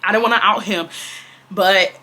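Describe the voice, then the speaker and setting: Young woman, twenties, vlogger, emphatic, repetitive, bright voice. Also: mid-range voice, fairly even intonation, moderate pace. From Houston, Texas. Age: 20s. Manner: emphatic, repeats herself, keeps calling on viewers. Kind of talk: casual storytime monologue.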